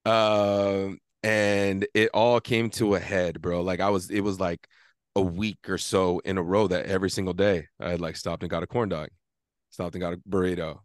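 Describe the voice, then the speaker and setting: A man with a low-pitched voice tells a rambling, animated story in casual podcast chat. He swears freely and acts out arguing with himself. The sound is dry and close. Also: moderate pace, no echo. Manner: animated storytelling, swears often, acts out his inner argument. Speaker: podcast co-host.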